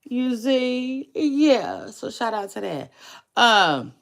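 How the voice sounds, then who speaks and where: Woman, 30s, casual livestream chat, rambling, fry in the voice. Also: on the high side, sing-song. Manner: rambling, drawn-out, repeats phrases; slow, gravelly, laid-back delivery. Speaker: livestream vlogger.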